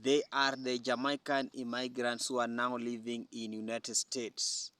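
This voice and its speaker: A man hosting a reaction video, commenting in a measured, deliberate way. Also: medium pitch, little pitch movement, fairly bright tone, clear, resonant tone.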